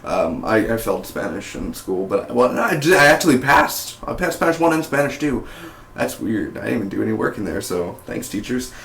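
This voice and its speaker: A man's voice: fairly low pitch, big pitch swings, a little fast, creaky, a bit bright, reverberant. A young man casually reviewing a TV episode, chatty and rambling with side comments. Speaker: TV show reviewer.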